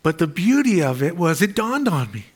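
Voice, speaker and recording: A man's voice: fairly high pitch, big pitch swings, moderate pace, husky. A middle-aged male pastor preaching a sermon in an earnest, conversational way, with fillers and repeated phrases.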